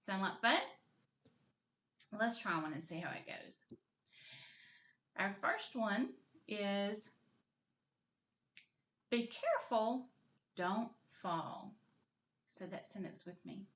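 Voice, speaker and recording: A woman teaching a literacy lesson to young children, slow and encouraging, with sing-song teacher talk and drawn-out sounds. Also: medium pitch, lively intonation, bright, forceful tone. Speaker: kindergarten teacher. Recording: echoey room.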